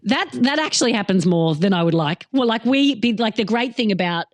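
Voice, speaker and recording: A woman's voice: mid-range voice, lively intonation, brisk, no room sound. A woman with an Australian accent, a comedian chatting as a podcast guest, candid and self-mocking with frequent laughter. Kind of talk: casual podcast chat.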